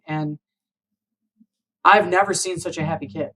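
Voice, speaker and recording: A woman's voice: fairly low pitch, steady tone, measured pace, fairly bright tone, poor audio. A woman in her forties, speaking as a guest on an interview show. She tells a personal story earnestly, with open emotion. She keeps the talk conversational and checks in with her listener by asking "right?" and "you know?".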